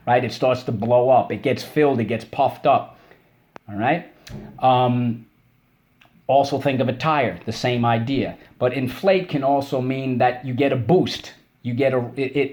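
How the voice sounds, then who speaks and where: A man teaching a recorded spelling lesson for children, upbeat and encouraging, drawing out syllables slowly as he drills words. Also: mid-range voice, darkish tone.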